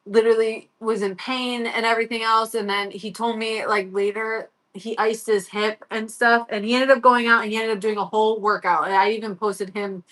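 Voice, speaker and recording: A woman's voice: a little high, steady tone, moderate pace, few pauses, fairly bright tone. A middle-aged woman telling a long, rambling story on a live stream as a sports parent, swearing freely and quoting her son.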